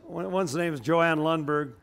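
A man's voice: on the high side, normal speed, gravelly, a bit bright. An older man who is a local historian, telling history in a folksy, anecdotal way with joking asides. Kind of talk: storytelling history talk.

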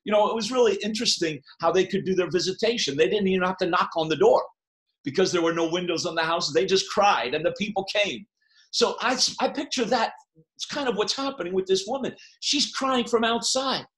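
A man preaching a sermon in a church, impassioned, rising to loud cries when he quotes the text. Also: sits high, a little fast. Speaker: pastor.

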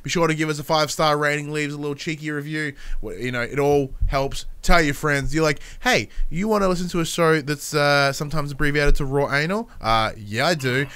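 A young man co-hosting a podcast, keeping his delivery energetic and enthusiastic. His voice sits a little high and sounds bright and forceful, with a smooth, crisp clarity. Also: brisk, hardly any pauses. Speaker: podcast co-host. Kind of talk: casual podcast chat.

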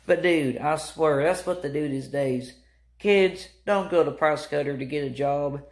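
A young man telling a mocking, animated storytime rant as a vlogger. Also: on the high side, measured pace, reverberant. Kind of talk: ranting storytime vlog.

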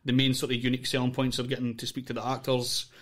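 Fast-talking male podcast host. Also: medium pitch, monotone. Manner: rambling, hesitant, many fillers. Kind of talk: casual interview chat.

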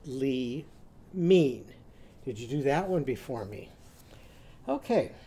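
A man teaching a children's phonics lesson, slowly sounding out syllables and encouraging the listener. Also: mid-range voice, big pitch swings, dark tone, slightly rough.

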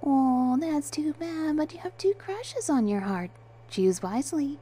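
A bubbly, mischievous love angel with a very high, singsong voice, as a woman storyteller puts her on. She sounds giggly and delighted with herself, with a soft, mellow tone. A storybook character full of playful cheer. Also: expressive, measured pace, slight background noise. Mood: cheerful.

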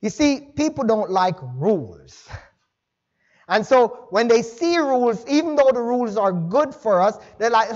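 A male pastor delivers a sermon with a high voice. He talks to the congregation in a loose, folksy way and drifts into friendly asides. The recording sounds dull and lo-fi. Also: lively intonation, unhurried, darkish tone. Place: church sanctuary.

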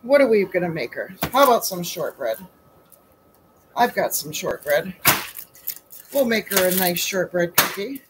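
A woman's voice: lowish voice, very animated, measured pace, pauses often, background noise. A woman hosting a chatty baking demo from her home kitchen, asking rhetorical questions and calling her viewers sweetie and honey. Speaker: home baker and host.

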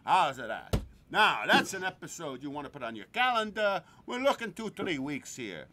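A man's voice: fairly high pitch, big pitch swings, moderate pace, sharp tone, slight background noise. A man hosting a podcast in a crude, joking casual chat, laughing often. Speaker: podcast host.

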